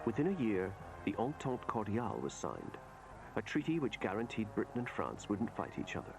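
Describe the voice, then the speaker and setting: A man reading scripted documentary narration in a measured voice. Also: fairly low pitch, wildly swooping pitch, vocal fry. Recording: narration over loud music.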